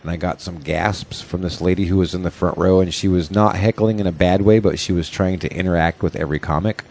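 A man's voice: low voice, fairly even intonation, fairly quick, gravelly, a little mellow. A man hosting a casual comedy podcast, crude and joking, laughing often as he talks. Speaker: podcast host and stand-up comic.

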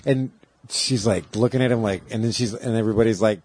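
A man's voice: fairly low pitch, steady tone, brisk, darkish tone, husky, no room sound. A man who does stand-up comedy, telling a rambling story in casual chat and laughing along.

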